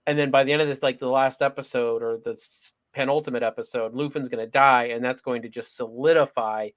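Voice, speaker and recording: A man with a mid-pitched voice on a dry, close recording, chatting in a casual review. He spins theories eagerly and stumbles over his words as he goes. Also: steady tone, brisk, no echo. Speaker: podcast co-host.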